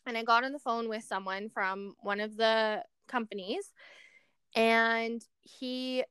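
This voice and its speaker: A young woman tells a story on a podcast, bringing to life what each person said. Her voice is fairly high and smooth. The recording is close and dry. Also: slow pace, no echo. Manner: animated storyteller who acts out quoted voices. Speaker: podcast co-host. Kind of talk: casual chat.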